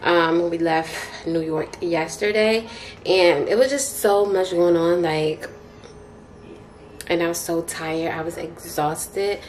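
A woman's voice: lowish voice, slow, soft background music. A woman vlogger chatting casually to the camera in a laid-back, chatty way, filming on a handheld camera. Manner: laid-back and chatty, talking straight to the viewers. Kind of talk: casual vlog chat to camera. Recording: noticeable background noise.

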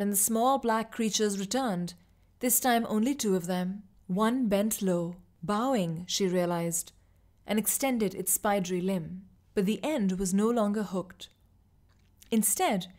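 Woman reading a story aloud. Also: mid-range voice. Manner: measured, expressive storytelling. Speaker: reader. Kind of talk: scripted narration.

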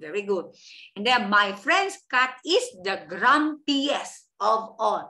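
Woman teacher, bright voice, spells stuff out slow, keeps asking if the kids get it. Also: fairly high pitch, sing-song. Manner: spells words out slowly, often checks understanding; switches between English and Thai mid-sentence. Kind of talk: online grammar lesson.

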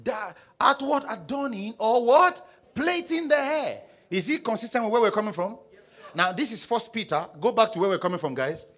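A man's voice: high voice, lively intonation, normal speed, a bit bright. A man preaching a sermon in church, reading scripture and asking his congregation to answer back. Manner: call-and-response preaching, asks the congregation questions. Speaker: pastor.

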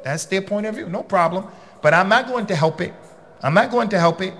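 A man giving a religious lecture as a preacher, talking bluntly and conversationally with sudden emphatic jumps in pitch. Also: expressive, brisk, fairly bright tone. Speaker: preacher and khatib. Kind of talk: lecture to a congregation.

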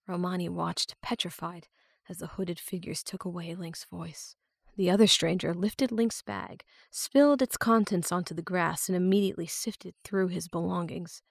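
A woman reading a fantasy novel aloud as an audiobook narrator, measured and hushed in tense moments. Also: fairly low pitch, vocal fry, no echo, clean studio sound. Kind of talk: scripted narration.

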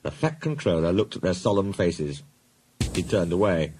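Man reading a storybook, very lively. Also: deep voice, normal speed, slightly rough. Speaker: narrator. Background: background music.

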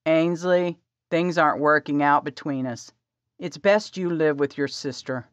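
A woman voicing a cold, dismissive adult boyfriend, speaking flatly and harshly. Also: sits low, a little slow, dry recording. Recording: dry, slightly dull audio.

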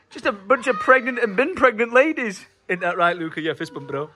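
A man gushes his way through a casual home vlog. His voice swings widely in pitch and he laughs often, bubbling with excitement. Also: fairly quick, hardly any pauses. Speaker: vlogger.

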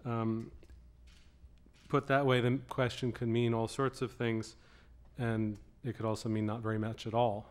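Moderator, male, mid-pitched, measured with frequent pauses. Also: little pitch movement, a little mellow, clean tone. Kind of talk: prepared question at a public reading.

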